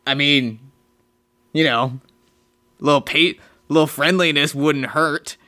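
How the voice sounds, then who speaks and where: A man's voice: fairly high pitch, slow pace, bright, forceful tone. A man playing a chatty poetry-loving troll. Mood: stubborn. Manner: chatty, hesitant, friendly. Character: poetry-loving male bridge troll, lonely, gatekeeping.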